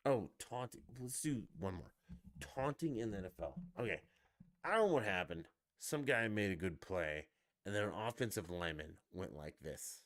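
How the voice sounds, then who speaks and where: A man's voice: sits low, animated, normal speed, fairly bright tone, no room sound, clean studio sound. A man on a live stream, ranting heatedly with heavy profanity about his sports team. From Denver.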